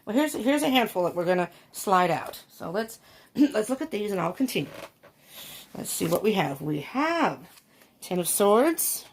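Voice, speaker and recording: A woman's voice: mid-range voice, sing-song, normal speed, a little hiss or hum. A woman giving a casual tarot reading to her viewers, thinking aloud with many ums and laughing often. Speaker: tarot reader.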